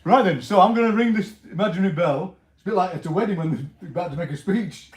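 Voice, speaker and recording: A man hosting a poetry workshop in a library, jokey and animated, laughing often with the group. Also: high-pitched, fast talker, slight background noise. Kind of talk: lively workshop banter. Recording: echoey room with crowd chatter. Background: group of people laughing and murmuring.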